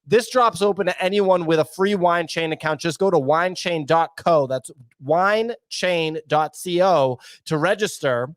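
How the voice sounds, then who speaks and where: Higher-pitched upbeat podcast host, a man. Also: a little slow, few pauses, no echo. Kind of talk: casual chat and sponsor read.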